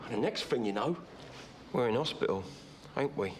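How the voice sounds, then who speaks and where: Rambling man, deadpan. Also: medium pitch, normal speed, very noisy. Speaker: storyteller. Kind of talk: comic first-person monologue.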